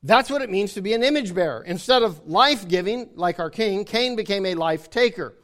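A man with a high voice preaches a sermon with emphasis. He repeats key phrases to drive his points home and calls out to his listeners for agreement. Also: animated, fairly quick, a bit bright.

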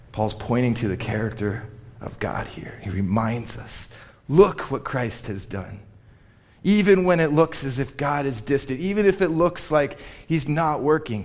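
Earnest male preacher. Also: medium pitch. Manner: earnest, emphatic preaching with repeated phrases. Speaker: pastor. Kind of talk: sermon.

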